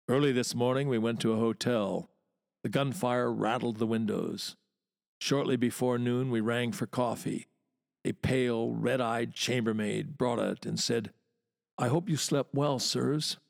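A man reading a wartime news dispatch aloud in a measured, deliberate storytelling manner. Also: medium pitch, creaky, big-room sound. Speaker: podcast reader.

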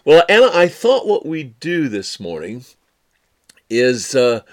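A man's voice: medium pitch, wildly swooping pitch, slow pace. A man hosting an interview, chatty and playful, with lots of encouraging backchannels. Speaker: podcast host interviewing a tour guide. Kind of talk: casual interview chat.

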